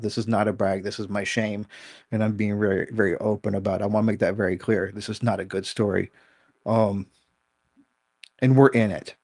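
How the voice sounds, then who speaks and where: A middle-aged man, a dog trainer appearing as a guest, tells a story candidly and self-critically, swearing casually as he goes. His voice sits lowish, and the recording is clean studio sound with no echo.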